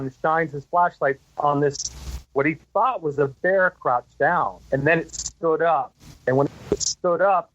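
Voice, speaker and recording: A male guest recounting an encounter in casual, unhurried detail, pausing often with ums. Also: on the high side, fairly bright tone, muffled recording. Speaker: guest, Bigfoot researcher. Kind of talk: casual storytelling interview.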